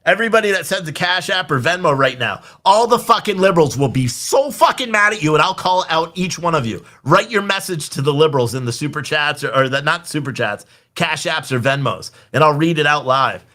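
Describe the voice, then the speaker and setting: A man's voice: on the high side, expressive, brisk, hardly any pauses, sharp tone. A young man hosting a political livestream, ranting in an angry, exasperated, profane way. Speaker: livestream host.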